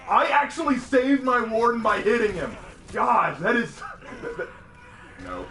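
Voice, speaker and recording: A man's voice: very high-pitched, a little slow, slight background noise. A young man hosting a game stream, chatting casually and playfully while he plays. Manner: animated, playful banter while gaming. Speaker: streamer and host. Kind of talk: casual gaming chat.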